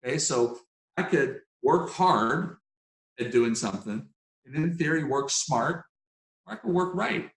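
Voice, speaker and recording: A man telling a personal story in an interview, in an animated, emphatic way with casual fillers. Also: medium pitch, a little slow, gravelly. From Pennsylvania, United States. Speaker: guest speaker. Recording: echoey room.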